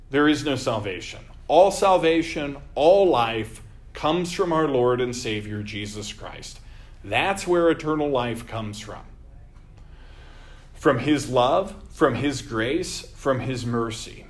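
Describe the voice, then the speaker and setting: A man leading a Bible study as vicar, teaching earnestly with emphatic repeated phrases. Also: medium pitch.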